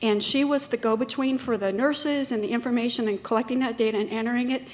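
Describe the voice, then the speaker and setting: A woman's voice: fairly high pitch, fairly even intonation, fast talker, a little mellow. A woman giving a talk at a conference, speaking in a chatty way with many fillers and restarts. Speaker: conference presenter. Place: conference room.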